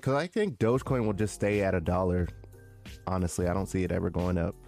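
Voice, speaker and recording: A man's voice: low-pitched, fairly quick, creaky, a little mellow, faint music behind. A man co-hosting a casual talk show, laid-back and slangy, often trailing off and restarting. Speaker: podcast co-host. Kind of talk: casual chat.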